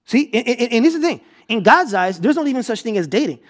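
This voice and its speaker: A middle-aged man preaching a sermon as pastor, telling stories in an animated way with bursts of laughter. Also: extremely high pitch, fast talker.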